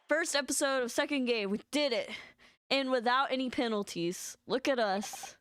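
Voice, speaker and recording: A woman's voice: high-pitched, moderate pace, some chatter behind, slight background noise. A young woman gushing and giggling as she comments on her game during a casual live stream. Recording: music playing loudly under the voice. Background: game music.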